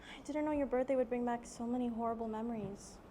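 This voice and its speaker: A woman's voice: fairly high pitch, fairly even intonation, quick pace, warm tone, a little hiss or hum, close to an everyday voice. A young woman playing an affectionate Filipina daughter who talks earnestly and tearfully. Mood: emotional. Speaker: daughter in a stage scene. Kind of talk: student theater acting.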